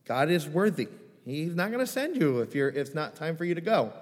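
A man's voice: a little high, expressive, a little fast. Earnest male pastor preaching in a reverberant hall. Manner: earnest, pleading, conversational with rhetorical questions. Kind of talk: sermon. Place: church sanctuary.

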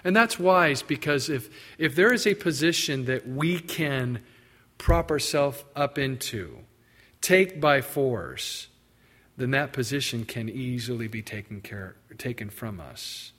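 A man's voice: medium pitch, animated, slow pace, a bit bright. A man preaching a sermon, reading scripture aloud and then explaining it in plain, conversational terms. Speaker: pastor. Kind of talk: expository sermon.

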